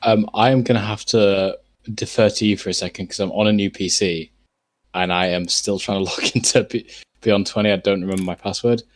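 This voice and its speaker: Low-voiced male player, flustered. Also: steady tone, a little fast. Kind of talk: casual chat.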